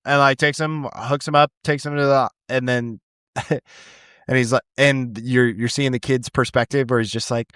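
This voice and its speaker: A man who teaches high school English, chatting casually on a podcast and rambling with frequent restarts and the odd swear word. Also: steady tone, normal speed, a bit bright, smooth, no room sound, clean studio sound.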